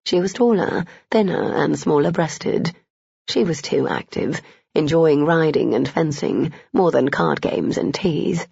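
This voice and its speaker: A woman reading a romance novel aloud as an audiobook narrator, steady and even. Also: sits low, a little slow, creaky, breathy edge, dry recording. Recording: dull, dry, lo-fi.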